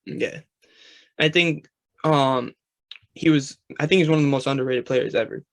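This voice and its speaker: A man's voice: medium pitch, moderate pace, vocal fry. A young man hosting a sports talk interview, chatty and rambling with lots of fillers. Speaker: sports talk show host. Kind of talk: casual interview chat.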